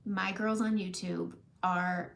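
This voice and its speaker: A woman makeup vlogger talking casually and warmly to her viewers, emotional and close to tears at times, often laughing. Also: on the low side, steady tone, slow pace, vocal fry. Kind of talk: casual heartfelt talk to camera.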